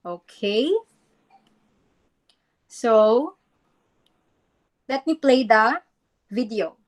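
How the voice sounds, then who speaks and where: A woman's voice: fairly high pitch, animated, very slow. A woman teaching a class, instructing students on reading a poem aloud, modeling pronunciation and calling on students by name. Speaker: English teacher.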